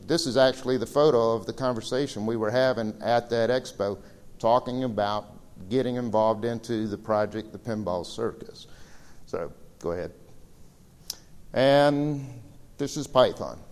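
A man giving a slideshow seminar talk, telling stories in a casual, rambling way with fillers. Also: medium pitch. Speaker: seminar presenter. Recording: reverberant hall recording.

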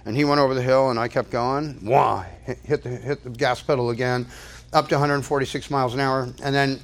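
A man's voice: mid-range voice, fairly even intonation, quick pace. An older man telling a personal story to an audience, rambling casually with many restarts and fillers. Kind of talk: casual spoken anecdote.

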